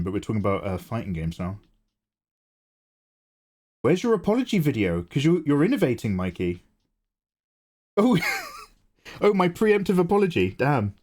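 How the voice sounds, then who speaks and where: This art livestream host is a chatty man with a medium-pitched, slightly mellow voice. He talks casually with his audience, pokes fun at himself, and reads chat messages aloud.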